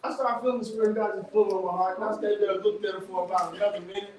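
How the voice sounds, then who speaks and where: High-voiced man preaching in an echoey hall. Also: racing. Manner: animated storytelling with casual vernacular. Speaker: workshop speaker. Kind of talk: testimony talk to an audience. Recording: echoey room, distant mic, background noise.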